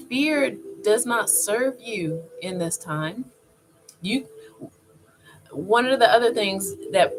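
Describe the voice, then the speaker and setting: A woman vlogger talking casually to camera in a chatty, animated way, often laughing. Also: mid-range voice. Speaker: wellness vlogger. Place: indoor filming setup with two cameras. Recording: clear music playing behind. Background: music.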